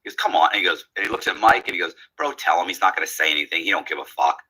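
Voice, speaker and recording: A man's voice: deep voice, racing, husky, low-quality recording. A man telling a long story in a casual way, acting out the lines of the people in it. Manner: animated, acts out quoted dialogue.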